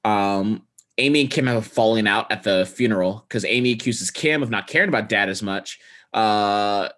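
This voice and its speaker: A man's voice: lowish voice, moderate pace, fairly bright tone. A man co-hosting a podcast, recapping a movie in rambling, profane casual chat full of fillers and restarts. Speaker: podcast co-host.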